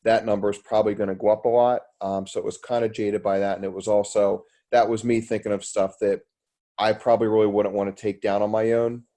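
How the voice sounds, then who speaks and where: A house flipper talks through his thinking on a group call, measured and unhurried. His voice sits low and mellow with little rise and fall. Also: little pitch movement. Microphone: group call audio.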